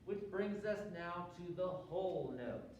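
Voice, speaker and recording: A man's voice: high voice, animated, a little slow, darkish tone, very echoey, distant mic, dull audio, slight background noise. A man teaching a rhythm lesson, counting beats aloud and having students repeat after him. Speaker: music teacher.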